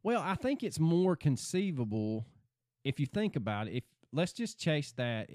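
A man's voice: a little high, very animated, moderate pace, a little mellow, no room sound, clean studio sound. A man co-hosting a podcast in casual chat, talking through theories in an easygoing way. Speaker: podcast co-host.

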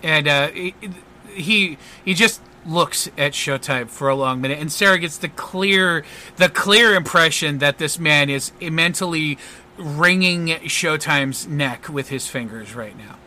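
A man running a tabletop role-playing game, narrating in a casual, relaxed way with plenty of fillers. His voice is bright and forceful and sits a bit high for a man, with faint background noise. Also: measured pace. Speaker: game master.

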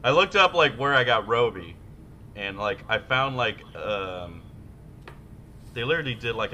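A man's voice: lowish voice, bright, forceful tone, a little hiss or hum. A man co-hosting a podcast, telling profane, rambling stories in casual chat. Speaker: podcast co-host.

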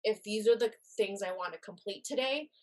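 A woman's voice: mid-range voice, fairly quick, a little mellow. A woman guest on a podcast, candidly telling a personal story and acting out quoted dialogue.

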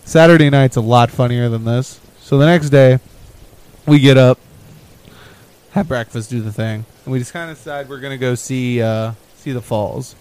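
A young man telling a winter trip story on a podcast in an everyday mid-pitched voice. He rambles casually and chuckles as he goes. His voice often trails off quietly at the ends of phrases. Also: normal speed, clean tone, rough recording. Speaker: podcast co-host.

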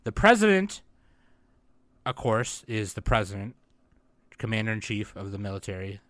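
Bright-voiced young man in loose banter. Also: on the low side, very animated, normal speed, no room sound. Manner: loose, profane, rambling banter. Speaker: podcast co-host. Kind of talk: casual chat.

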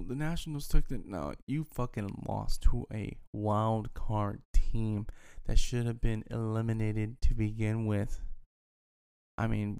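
A man's voice: on the low side, vocal fry, mellow, clear, resonant tone. A man in a casual, profane rant as an upset sports fan, talking heatedly and repeating himself. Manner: heated, profane, repetitive ranting.

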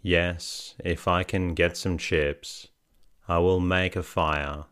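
A man reading the lines of a gentle, patient young woman in a storybook, speaking soothingly and tenderly. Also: deep voice, steady tone, slow pace, clear, resonant tone, dry recording, studio quality.

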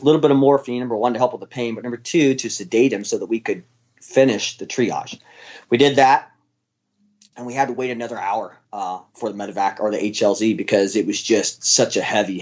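A man's voice: medium pitch, darkish tone, lo-fi sound. A man, a former military dog handler, telling his story in an interview in a casual, blunt way with plenty of fillers and the odd swear.

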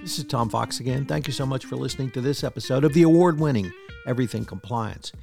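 A man, the podcast host, reading a brisk, polished scripted outro and promo. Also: mid-range voice, gravelly, darkish tone. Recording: music bed behind the voice.

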